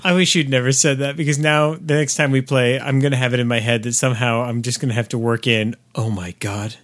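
A man's voice: mid-range voice, fairly even intonation, quick pace. A man co-hosting a casual chat, given to theatrical, mock-exasperated groans. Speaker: co-host.

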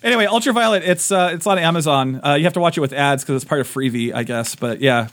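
A man's voice: a little high, fast talker, a bit bright. A man hosting a casual podcast chat, eagerly recommending shows to his co-hosts. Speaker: podcast host and game master.

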